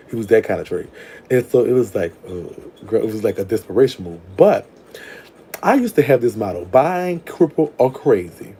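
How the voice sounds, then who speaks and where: A man's voice: mid-range voice, expressive, fairly quick, mellow, slight background noise. A young adult man telling a crude story in a casual, brash way, laughing and trailing off into murmurs. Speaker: vlogger telling prison stories.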